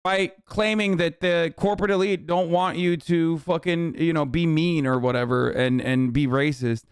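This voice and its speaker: A smooth, fairly high male voice holds a steady tone at normal speed, recorded studio-clean with no room sound. The streamer reacts to news by ranting angrily about politics to his chat, profane and sarcastic throughout.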